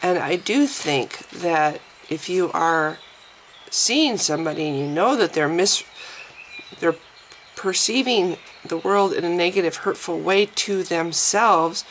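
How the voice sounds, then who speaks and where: A woman vlogs at home, talking slowly and rambling with candid restarts. Her asides turn self-deprecating, and a faint hum sits behind her voice. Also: on the low side, expressive. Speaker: video blogger. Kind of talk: casual personal vlog.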